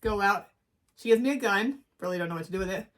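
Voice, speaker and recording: A middle-aged woman from Wyoming co-hosting a casual chat show, telling a story in a relaxed, hesitant way with deadpan quotes. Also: medium pitch, fast talker. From Wyoming, USA. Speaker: co-host.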